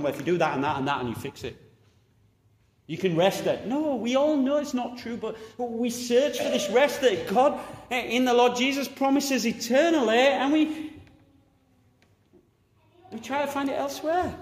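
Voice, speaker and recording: A man preaching a sermon, exhorting and animated, rising loud and dropping quiet. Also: high-pitched, moderate pace, reverberant, big-room sound.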